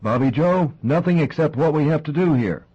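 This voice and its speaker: A man voicing a calm, cold middle-aged male crime boss, raspy and impassive in manner. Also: fairly high pitch, normal speed, highs cut off, voice pushed up. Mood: commanding. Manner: flat and impassive.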